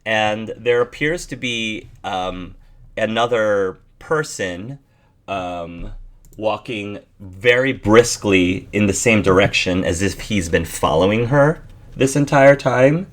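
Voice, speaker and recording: A man narrating as game master in a tabletop role-play game, halting with many fillers. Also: fairly low pitch, expressive. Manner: halting, filler-heavy, laughing.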